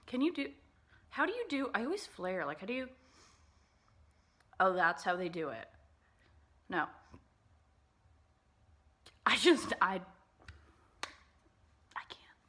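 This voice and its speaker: A woman's voice: mid-range voice, sing-song, slow, long pauses, pushed and bright. Bubbly chatty woman doing makeup. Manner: bubbly and chatty, many "like" fillers. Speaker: beauty vlogger. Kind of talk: casual makeup tutorial chat.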